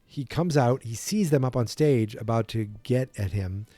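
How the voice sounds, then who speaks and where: A man's voice: mid-range voice, moderate pace, mellow, no room sound. A man hosting a podcast, casually retelling a film from memory in a rambling way. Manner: rambling, full of restarts and impressions. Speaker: podcast host.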